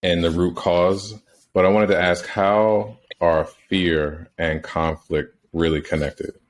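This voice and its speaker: A man podcast host asks an interview guest questions in a measured way. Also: low voice, fairly even intonation. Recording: distant from the mic.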